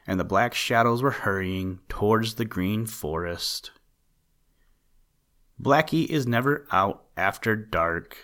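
A man narrating a children's animal story in a measured, gently emphatic storytelling manner. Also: on the low side.

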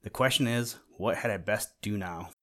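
A stubborn old frog grumbles through a storybook, voiced by a man reading aloud. His talk is gruff and set in its ways, pitched a little low. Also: moderate pace, bright, forceful tone.

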